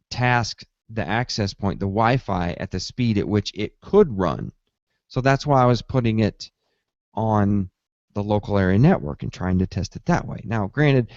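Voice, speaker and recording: A man hosting a casual tech podcast who tells his story in a lively way and acts out his own reactions. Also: fairly low pitch, no room sound. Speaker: podcast host. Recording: dull, slightly lo-fi dry sound.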